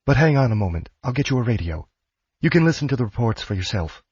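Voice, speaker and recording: A man voicing a brisk, practical young American woman in an audiobook. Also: medium pitch, sing-song, a little mellow, slightly rough, no room sound, lo-fi sound, voice pushed up. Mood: urgent.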